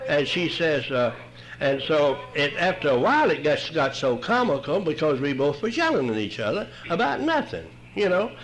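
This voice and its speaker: Folksy older man, lively voice. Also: fairly high pitch, moderate pace, a little hiss or hum, low-quality recording. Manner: folksy, wry, chuckling. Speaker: recovery meeting speaker. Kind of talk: humorous personal storytelling talk.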